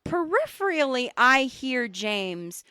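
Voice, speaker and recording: A woman with a somewhat high voice that swoops up and down as she spins a blunt, foul-mouthed story from work. She talks in a loose, chatty way. The sound is close and dry, with no room echo. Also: slow, smooth. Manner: animated, blunt and profane. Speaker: podcast co-host. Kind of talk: casual storytelling chat.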